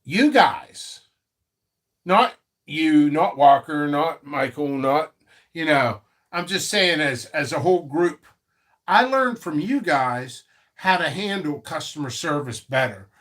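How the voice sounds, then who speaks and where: A man hosting a casual live stream about his seed business, rambling and animated, with frequent restarts and asides. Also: fairly high pitch, takes it slowly.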